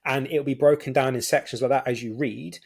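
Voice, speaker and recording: A British man talking easily as a podcast guest, walking through his ideas with simple everyday examples. His pitch sits in an ordinary middle range for a man, and he sounds relaxed and chatty. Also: brisk, creaky, husky. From United Kingdom. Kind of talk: casual conversational interview.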